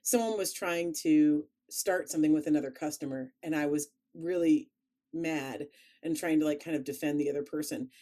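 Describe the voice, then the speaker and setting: A woman with a Chicago accent, chatting casually as a podcast co-host, animated and quick to laugh. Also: deep voice. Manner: animated, laughs often, playful. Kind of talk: casual chat.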